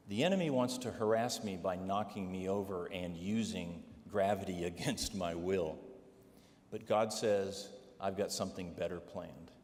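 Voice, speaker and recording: A man with a lowish, slightly mellow voice preaches his personal testimony, telling stories and checking on the congregation with "all right?" asides. The sermon is recorded in a church sanctuary with long hall reverb and faint noise.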